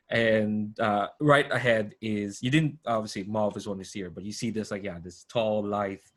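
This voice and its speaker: A man's voice: lowish voice, a bit bright. A man narrating as game master, rambling with many fillers and restarts over a video call.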